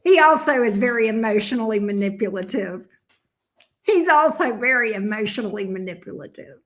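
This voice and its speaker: In a brisk, animated, slightly high voice, this middle-aged woman runs a tarot livestream. She keeps the chat with her viewers light and playful, laughing frequently.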